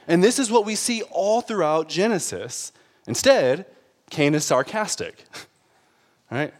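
A man preaching a sermon, animated and laughing often, checking in with the congregation as he goes. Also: high voice, a little slow, pauses often. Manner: animated, laughs often, asks the crowd "right?". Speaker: pastor. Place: church sanctuary. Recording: long hall reverb.

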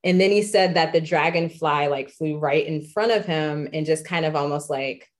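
A woman co-hosting a casual chat, telling a story in a relaxed way with many fillers. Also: low-pitched, normal speed. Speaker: podcast co-host.

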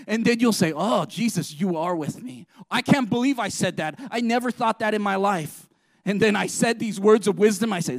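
A middle-aged pastor preaches a sermon in a strikingly high voice, swinging from hushed passages to loud, emphatic ones. He jokes at his own expense along the way. The sound is close and dry, with almost no room echo. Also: moderate pace. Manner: self-deprecating humor, swings between soft and loud.

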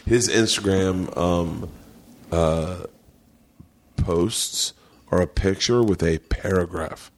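A man hosting a casual podcast chat in a rented house, excitable, laughing often and tripping over his words. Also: deep voice, slow pace, pauses often. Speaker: podcast host.

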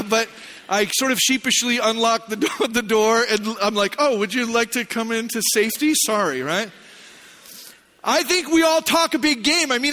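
Man, middle-aged, pastor, sermon with a story, high voice, bright tone, animated. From Arizona. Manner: animated, shouts and swings between loud and hushed.

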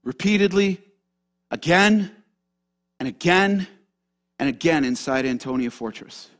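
A man preaching a sermon as a pastor, swinging from loud shouted lines to hushed asides. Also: a little high, animated, measured pace.

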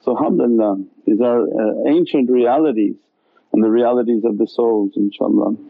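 A man teaching on spiritual matters and answering questions, calm and unhurried, with Arabic devotional phrases throughout. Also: mid-range voice, creaky, narrow, tinny audio. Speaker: Sufi teacher. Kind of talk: religious talk answering questions.

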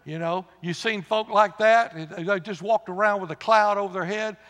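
Folksy preacher in a reverberant hall. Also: male voice, high voice, steady tone, moderate pace, a bit bright. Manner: folksy preaching with rising emphatic repetition. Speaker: pastor. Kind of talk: sermon.

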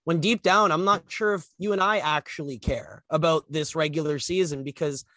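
Casting note: man in his thirties, wry co-host, a little higher than average, dry sound. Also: normal speed, pushed and bright, dry recording. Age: 30s. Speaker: podcast co-host and writer. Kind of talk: casual podcast chat.

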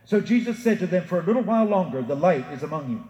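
A man preaching a sermon as pastor, emphatic, rising for quotations and dropping low to address the listeners directly. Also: lively intonation, fast talker, mellow, highs cut off. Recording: echoey hall with long reverb.

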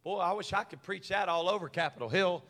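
A man preaching a sermon, folksy and stammering, swinging from quiet asides to fiery shouts. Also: sits high, quick pace, a little hiss or hum.

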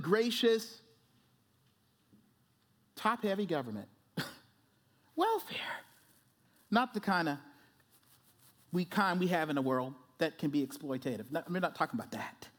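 A man's voice: high voice, fairly bright tone. A man pastor preaching a sermon in a church service, emphatic and conversational, who repeats phrases and keeps asking "right?".

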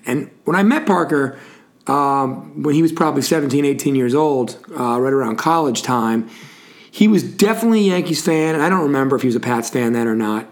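A man hosting a casual sports podcast, chatty and rambling, with frequent fillers and asides. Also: on the high side. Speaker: podcast host.

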